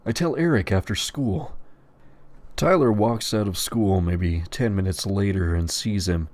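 A man with a lowish voice reading crude, profane stories aloud in a deadpan way. His pitch still moves around a good deal as he tells them. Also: normal speed. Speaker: storyteller.

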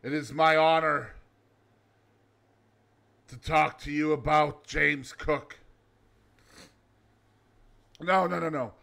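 A man hosting a comedic daily segment as a loud, over-the-top showman persona, hammering his points home. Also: on the high side, steady tone, slow, creaky, long pauses. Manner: loud, showman, mock-emphatic. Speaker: host.

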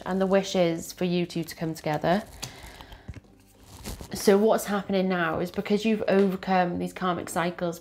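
A woman's voice: lowish voice, a little mellow. A woman doing a tarot card reading, talking in an earnest, emotional way and repeating her phrases. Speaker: tarot reader.

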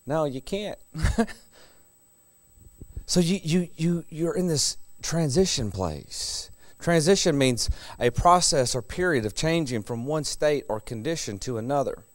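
A man's voice: a little high, lively intonation, unhurried, no room sound, studio quality. A middle-aged man preaching a sermon in a conversational way, chuckling between his points.

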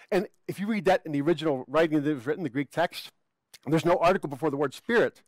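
A man's voice: high voice, no echo. A male pastor preaching a sermon in an earnest way, often repeating words as he goes.

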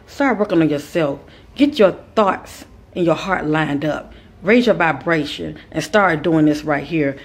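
A spiritual teacher with a low, husky voice gives a monologue of spiritual advice. She falls into a repetitive, preacher-style rhythm, calling those listening kings and queens.

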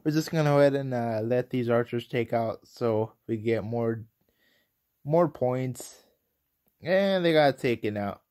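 A young man casually commentating his own gameplay, excitable and rambling, quick to get frustrated. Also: mid-range voice. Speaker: gaming commentator.

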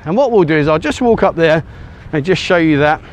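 A travel vlogger with a slightly raised pitch walks along an outdoor beach, holding the camera himself and chatting casually to it. His brisk, expressive talk rambles with plenty of ums and uhs, and the sand walking leaves him a little short of breath. The handheld camera gets turned around, and there's slight background noise.

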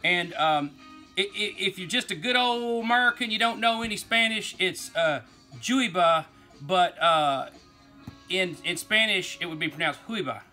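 East Texas man, toy vlogger, bright and forceful tone, easygoing and rambling. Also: sits high, moderate pace, faint music behind. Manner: rambling, folksy, says y'all, laughs easily. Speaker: toy collector vlog host. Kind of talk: casual rambling toy talk.

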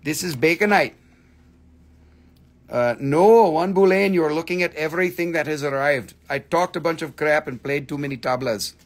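A man's voice: on the high side, moderate pace, a little hiss or hum. A man hosting a live online rock and mineral sale, chatting casually, joking and swearing as he shows off pieces and their prices. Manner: profane, joking, breaks into snippets of song. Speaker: live-stream crystal seller. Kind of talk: casual live sales chat.

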